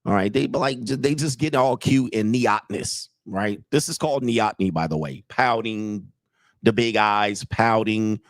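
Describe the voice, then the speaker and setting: A man's voice: on the low side, normal speed, no echo. A man who works as a dating coach, giving blunt, mocking casual commentary on clips and talking straight to his viewers.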